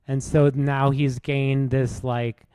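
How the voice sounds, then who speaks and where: A man's voice: medium pitch, level tone, slow pace, mellow, clear, resonant tone. A man streaming chess, rambling through a rude comic roast with lots of false starts. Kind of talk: casual streaming commentary while playing.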